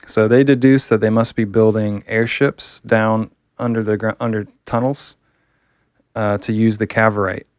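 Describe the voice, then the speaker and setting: A man's voice: on the low side, flat delivery, moderate pace, dry recording, clean studio sound. A man reviewing a comic book, talking casually and enthusiastically, rambling with fillers.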